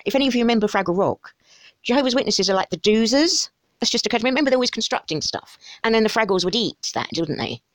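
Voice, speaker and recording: A woman's voice: fairly high pitch, animated, fast, no room sound. A woman giving casual, sarcastic commentary on an article she reads along with, with wry asides. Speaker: host commenting on a study article.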